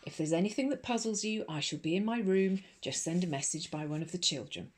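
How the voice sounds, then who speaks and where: A large, imposing English headmistress, as a woman reads her aloud in an audiobook barks crisp, firm directions at a class. Her voice rides higher and louder than the plain reading voice, with an arch, bossy edge. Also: a little fast, close to an everyday voice. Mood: brisk, firm. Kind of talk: ASMR audiobook role reading.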